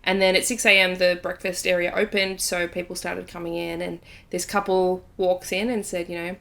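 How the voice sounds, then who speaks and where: Low-voiced woman telling a story. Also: level tone, moderate pace, gravelly, a bit bright. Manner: storytelling, chatty, many fillers. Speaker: podcast host. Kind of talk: casual chat.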